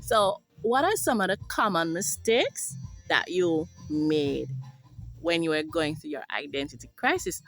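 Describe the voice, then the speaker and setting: A Jamaican woman with a low voice gives a personal testimony to camera as a motivational speaker. She is earnest, emphatic and animated, drawing key words out slowly, with faint music in the background.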